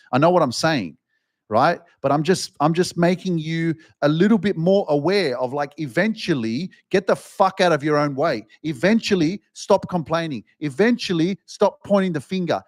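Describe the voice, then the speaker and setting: A man hosting a self-help podcast, delivering a blunt motivational monologue full of swearing that often climbs into an impassioned, higher-pitched rant.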